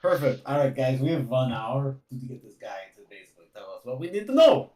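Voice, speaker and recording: A man's voice: mid-range voice, very animated, quick pace, warm tone, reverberant, recorded from a distance. Exasperated man a bit off-mic. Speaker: player.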